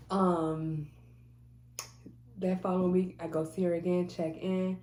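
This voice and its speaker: A woman's voice: lowish voice, little pitch movement, unhurried, long pauses, warm tone, echoey room. A woman telling a personal faith testimony in a casual, emphatic way, repeating phrases and restarting often. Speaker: mother sharing a faith testimony.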